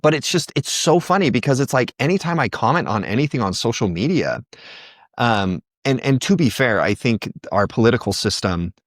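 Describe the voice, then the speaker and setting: This podcast guest talks with real passion, animatedly quoting other people in their own voices during a conversational interview. His mid-range voice moves at a moderate pace, recorded dry in a clean studio.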